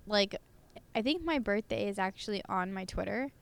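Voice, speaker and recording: A woman's voice: mid-range voice, animated, moderate pace, vocal fry, smooth, dry recording. A woman in her twenties, a podcast guest, talking casually with lots of "like" fillers. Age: 20s. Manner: casual, filler-heavy with lots of "like", laughs easily. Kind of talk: casual chat.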